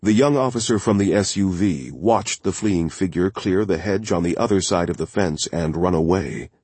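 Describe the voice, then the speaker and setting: Deep husky male thriller narrator. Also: normal speed, darkish tone, dry recording. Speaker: audiobook narrator.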